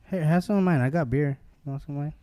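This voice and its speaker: A man's voice: on the high side, fast talker, dark tone. A young man hosting a podcast, telling a story in casual chat, swearing freely and acting out other people's lines. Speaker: podcast host.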